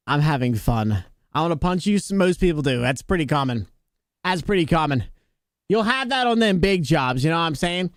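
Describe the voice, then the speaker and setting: Guy streamer with a high voice, goofing around with chat, laughs a lot, dry close mic. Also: fairly bright tone, no room sound. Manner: joking, laughs often, greets chatters by name. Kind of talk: casual live-stream chat with viewers.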